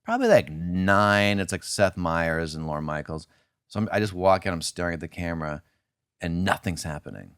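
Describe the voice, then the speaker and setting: A middle-aged man with a lowish voice tells a self-deprecating story with lots of swing in his pitch, jumping into the voices of the people in it. The sound is close and dry. He talks as a comedian guest on a chat show. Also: moderate pace, smooth, dry recording. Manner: lively storyteller, self-deprecating, acts out quotes. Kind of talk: animated anecdote telling.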